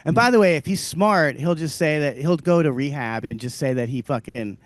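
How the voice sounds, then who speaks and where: A man from the American South co-hosting a podcast, ranting profanely with big swings in loudness. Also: a little high, lively intonation, fairly quick, dry recording. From Southern US (Louisiana). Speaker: podcast co-host, comedian. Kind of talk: casual chat.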